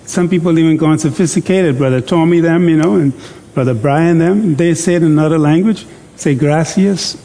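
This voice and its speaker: A male preacher giving an interactive sermon in church. He jokes, coaxes the congregation into call-and-response, and reads scripture slowly and deliberately. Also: fairly high pitch, creaky, dark tone, long reverb tail.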